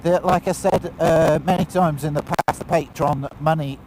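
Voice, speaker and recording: A man's voice: fairly high pitch, steady tone, normal speed, darkish tone, a little hiss or hum, low-quality recording. A man with a British accent chatting casually while riding a motorbike, rambling with many ums. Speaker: motorcycle vlogger. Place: on a motorbike outdoors.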